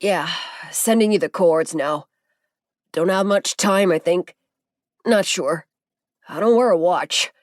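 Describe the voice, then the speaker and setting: A woman's voice: lowish voice, very slow, no room sound, studio quality. A woman voicing a badly injured man who speaks weakly and slurs through a broken jaw, in an audiobook. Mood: pained. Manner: weak, slurred, broken-jawed speech. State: gasping in pain.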